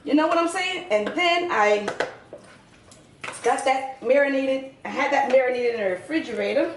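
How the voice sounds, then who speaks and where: A woman's voice: sits high, moderate pace, recorded from a distance, slight background noise. A middle-aged Southern woman hosting a casual cooking video in her home kitchen, chatty and homey, full of sayings. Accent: Southern American. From Southern United States. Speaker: cooking channel host. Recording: roomy kitchen sound from the camera, a little off-mic.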